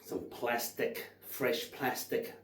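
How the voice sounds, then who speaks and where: A man's voice: medium pitch, steady tone, slow pace, fairly bright tone, echoey room, recorded from a distance, rough recording. A man in his thirties rambling and swearing cheerfully while tasting whisky for his channel. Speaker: whisky reviewer. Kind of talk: casual tasting vlog.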